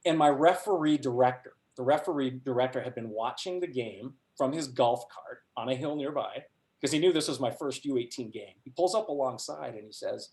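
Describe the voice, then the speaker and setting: A middle-aged man presenting a workshop, telling a personal anecdote to a group with animated delivery and frequent laughs. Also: medium pitch, brisk. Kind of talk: storytelling talk to a group. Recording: roomy echo.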